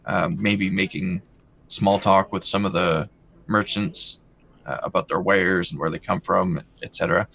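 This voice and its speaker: A man playing a character at a tabletop game, thinking aloud in a measured way about what his character does. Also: low-pitched, fairly even intonation, gravelly, a bit bright. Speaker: player. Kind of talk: casual game table chat.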